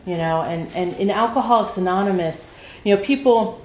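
With a mid-range, darkish voice at a moderate pace, a woman shares her personal recovery story at a meeting. She is candid and emotional, swears freely, and uses plenty of fillers, and the room sounds echoey and noisy.

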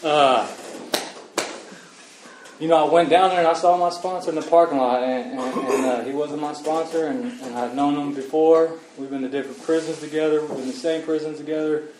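A man sharing his recovery story at a meeting, halting and earnest with many restarts, emotional. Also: a little high, fairly even intonation, crowd noise. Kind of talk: personal recovery testimony. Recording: roomy echo, far from mic, faint ambience.

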